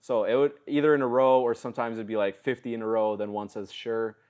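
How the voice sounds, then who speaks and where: Here a podcast guest in his twenties talks at a quick pace, his mid-range voice clean in tone. His storytelling is lively and peppered with casual slang.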